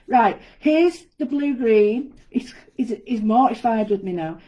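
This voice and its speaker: A woman's voice: on the high side, animated, measured pace, dark tone, rough recording. A woman giving a chatty, step-by-step live craft demonstration from an indoor studio. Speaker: guest designer demonstrating a craft.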